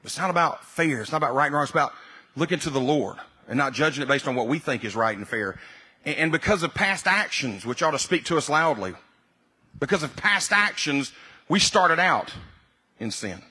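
A man preaching to his congregation in a husky, slightly high voice. He has a bright, pushing tone. He repeats his points for weight and climbs into loud, emphatic bursts. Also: expressive, brisk. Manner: repeats key phrases for emphasis, builds to loud emphatic peaks. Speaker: pastor. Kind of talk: sermon.

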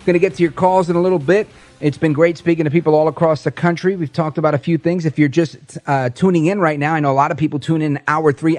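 A man guest-hosting a talk radio show in a studio, energetic and punchy. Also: fairly high pitch, dry recording. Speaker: radio host.

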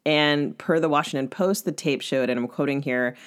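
A woman co-hosting an interview podcast, explaining background in a clear, lightly playful way. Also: low voice, moderate pace. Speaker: podcast co-host. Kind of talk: conversational interview, reading background notes.

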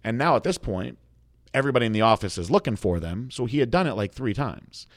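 A man's voice: medium pitch, fast talker, no echo, clean studio sound. A man telling a story in casual conversation as a guest, blunt and frank, acting out the dialogue as he goes. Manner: animated storyteller, acts out quoted dialogue.

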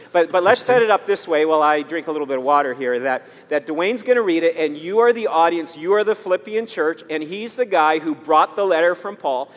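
Guy preaching, kinda high voice, pushes hard then drops soft, big church echo. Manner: emphatic, repeats exhortations, swings from loud to quiet. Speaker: pastor. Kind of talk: sermon. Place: church sanctuary. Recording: long hall reverb.

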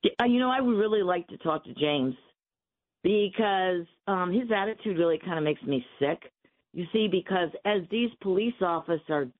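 Heated woman caller on a phone line. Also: fairly low pitch. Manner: heated, emphatic, rhetorical questions. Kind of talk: call-in radio talk.

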